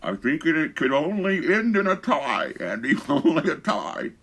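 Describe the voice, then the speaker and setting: A man's voice: a little high, sing-song, moderate pace, a bit bright. A man co-hosting a podcast in a casual, playful and teasing way. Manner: playful and teasing, with a bouncy up and down delivery. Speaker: podcast co-host. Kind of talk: casual chat.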